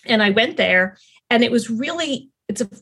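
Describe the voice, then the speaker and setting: A woman's voice: fairly high pitch, animated, normal speed, a bit bright. A middle-aged woman talking as a podcast guest, telling her story in an earnest, rambling way with many fillers and restarts. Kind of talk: casual conversational storytelling.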